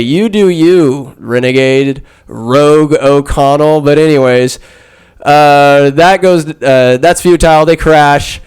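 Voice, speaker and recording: A man hosting a podcast, recapping a film in a rambling, sarcastic comic style with loud asides. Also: on the high side, clean tone. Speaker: podcast host. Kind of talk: comedic movie recap.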